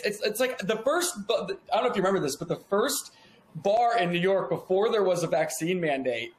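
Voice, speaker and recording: Animated, profane man in his thirties. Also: high voice, fairly quick. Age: 30s. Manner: animated storyteller, profane, acts out dialogue. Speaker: podcast guest. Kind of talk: casual interview chat. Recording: echoey room with faint background hum.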